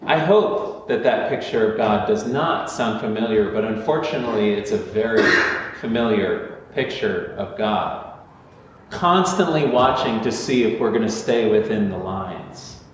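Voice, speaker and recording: A man's voice: lowish voice, lively intonation, a little slow. A man preaches in a conversational, earnest way, leaning on repeated phrases for emphasis. His voice rings through a very echoey church hall with a long reverb tail. The sound is slightly dull, with faint noise behind him. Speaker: pastor. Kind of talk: sermon.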